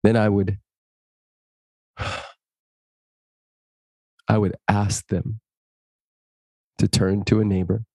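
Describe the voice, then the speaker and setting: A man with a lowish, husky voice, recorded with no room sound, tells stories as an interview guest. He's animated and acts out the dialogue, then shifts into a slow, earnest, inspirational delivery.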